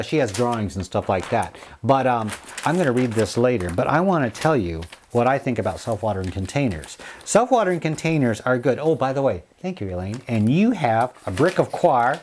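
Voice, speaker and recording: Middle-aged male vlogger, chatty, rambling, quick to laugh. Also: medium pitch, a little mellow. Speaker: gardening channel host. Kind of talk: casual vlog chat.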